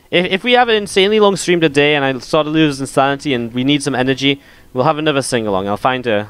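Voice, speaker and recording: A man's voice: on the high side, fairly bright tone, smooth. A man casting a live esports match, calling the play and chatting playfully with viewers between the action. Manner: jokey, playful with the audience. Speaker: esports caster and stream host. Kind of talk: live game commentary mixed with chat banter.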